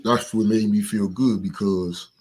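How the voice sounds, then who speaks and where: Husky, calm man speaking as a guest. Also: fairly low pitch. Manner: calm, measured, sincere. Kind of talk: studio discussion. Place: studio.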